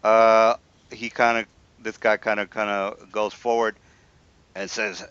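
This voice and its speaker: A man running a tabletop game as dungeon master, rambling and filling pauses with "uh". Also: fairly low pitch, flat delivery, a bit bright, smooth, no room sound. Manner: rambling, lots of fillers. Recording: dull, lo-fi sound.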